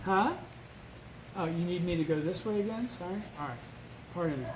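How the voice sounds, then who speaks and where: Male study-group leader, high voice, blunt emphatic lecturing style; roomy echo. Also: a little fast. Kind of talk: informal Buddhist study lecture. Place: indoor meeting room, live-streamed. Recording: echoey room with faint noise.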